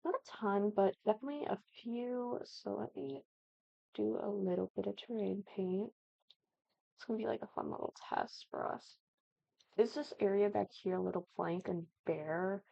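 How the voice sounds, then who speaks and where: A young woman from the Midwest chatting animatedly while building a house in a game, with excited exclamations. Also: medium pitch, normal speed, gravelly, no echo, muffled recording. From American Midwest. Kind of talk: casual gaming commentary.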